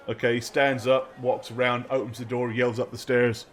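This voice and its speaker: A man narrating as game master, relaxed and hesitant, with lots of ums. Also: mid-range voice, moderate pace, hardly any pauses.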